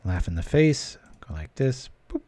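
A man's voice: mid-range voice, very animated, normal speed, mellow, no room sound. Chatty man streaming a card game. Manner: chatty, joking, reads chat aloud. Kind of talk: casual gameplay commentary with chat.

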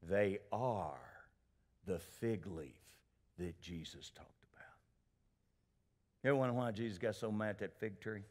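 A male pastor preaching a sermon in a church sanctuary, animated, calling for responses and addressing people by name. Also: fairly low pitch, a little slow, pauses often.

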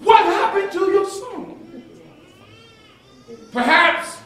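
A man preaching a sermon as pastor, with call-and-response and sudden dramatic shouts, recorded in a church. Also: very high-pitched, lively intonation, very slow, faint music behind. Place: church sanctuary. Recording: echoey church hall from far off.

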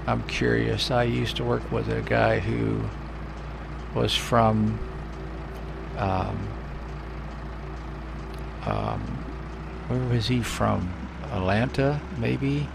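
Gravelly man rambling over game play. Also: mid-range voice, background noise. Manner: rambling, thinks aloud with many fillers. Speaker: gameplay commentator. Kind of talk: casual let's-play commentary.

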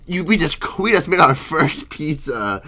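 Man voicing a bossy pizza-shop manager, smug, bright tone, lively lilt, cartoon. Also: a little high, unhurried, heavily acted. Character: greedy boastful male pizza manager. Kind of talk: fan-made object show voice acting.

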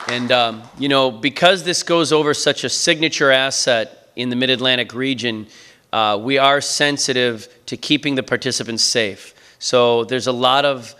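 A man from Wisconsin presents at a community town hall. His voice is bright and clear, and he talks in a friendly, conversational way about managing a race event. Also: mid-range voice, moderate pace. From Green Bay, Wisconsin.

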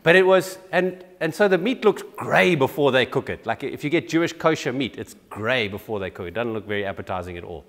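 A man's voice: mid-range voice, expressive, fairly quick, hardly any pauses, a bit bright, long reverb tail. A man preaching a sermon in a conversational, self-deprecating way with frequent restarts. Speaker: pastor. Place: church.

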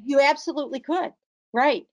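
A woman's voice: sits high, moderate pace, a little mellow, low-quality recording. A woman tutoring adult learners on comma use, patient and encouraging, explaining step by step. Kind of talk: online grammar lesson.

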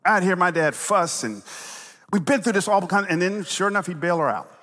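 A middle-aged man preaching a sermon as pastor, telling stories with animated swings from loud to hushed. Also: sits high, fairly quick. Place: church sanctuary. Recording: long reverb of a large hall.

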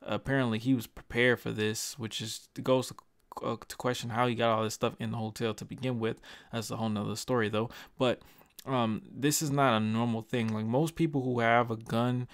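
A man's voice: medium pitch, little pitch movement, clear, resonant tone, dry recording. A young man giving his earnest, passionate views in a commentary vlog, stumbling and restarting often and swearing casually. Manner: earnest, halting, frequent restarts and stutters. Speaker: YouTuber. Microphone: desk microphone.

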